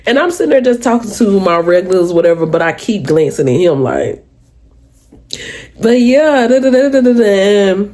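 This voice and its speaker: A woman with a deep, slightly sick-sounding voice tells a personal story straight to her viewers. Her pitch swoops up and down all the time, and she keeps talking to them like friends in a casual storytime vlog. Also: normal speed. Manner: animated, chatty, keeps addressing viewers as "y'all". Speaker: storytime vlogger.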